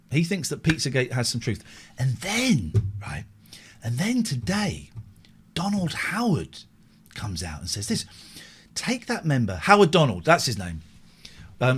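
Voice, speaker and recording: A man hosting a late-night live-stream, chatting in a loose, rambling way and correcting himself as he goes. His voice is slightly higher than average and swings widely in pitch. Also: breathy edge. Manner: rambling, animated, self-correcting. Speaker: late-night show host. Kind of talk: casual live-stream chat.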